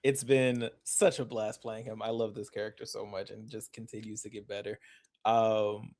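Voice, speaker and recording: A man's voice: fairly low pitch, flat delivery, moderate pace, darkish tone. Man player, enthusiastic streamer energy. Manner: upbeat, enthusiastic. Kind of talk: casual chat.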